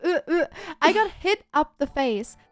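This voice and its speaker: A woman's voice: high-pitched, lively intonation, unhurried, dry recording, soft background music. A woman hosting a livestream in casual chat, laughing often between remarks. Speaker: streamer host.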